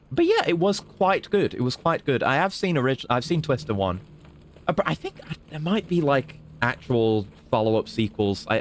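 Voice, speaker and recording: A man chatting casually while streaming a game, rambling along and laughing at his own dark jokes. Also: fairly low pitch, slight background noise. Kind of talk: casual gameplay commentary.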